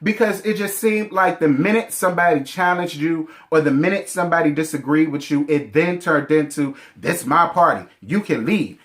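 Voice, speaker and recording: A high-voiced man in his thirties chats casually about a reality show he's reviewing. His manner is sassy and animated, and he uses heavy slang.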